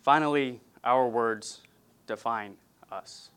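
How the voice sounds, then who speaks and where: A man from California preaches at a middle pitch in an earnest, measured way. He speaks plainly and warmly to a congregation, now and then easing in some gentle humor. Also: clear, resonant tone. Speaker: pastor. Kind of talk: sermon.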